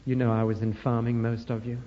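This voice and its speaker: A man's voice: mid-range voice, little pitch movement, brisk. A man preaching a sermon, telling stories that build to fervent emphasis. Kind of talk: sermon storytelling. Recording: lo-fi recording in a reverberant hall.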